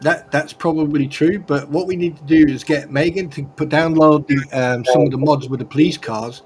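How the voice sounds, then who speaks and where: Male co-host, fairly high voice, loud jokey banter, heavy line noise. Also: steady tone, moderate pace. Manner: joking, swears freely, bursts into loud laughs. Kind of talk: casual banter on a livestream call. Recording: noisy livestream call audio.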